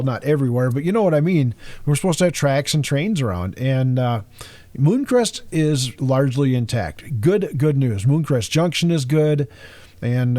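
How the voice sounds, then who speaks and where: A man at a mid pitch talks through a game tour in a loose, rambling way, full of uhs and small self-mocking chuckles. The recording is dry and close, with no room sound. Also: dark tone, no room sound. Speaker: video game streamer. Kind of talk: casual gameplay walkthrough commentary.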